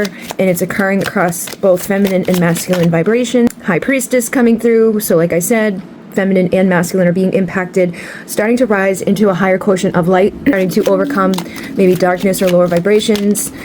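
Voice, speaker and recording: A woman's voice: lowish voice, a little mellow, a little hiss or hum. A woman giving a tarot card reading to camera, talking bluntly and passionately and swearing freely. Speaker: tarot reader.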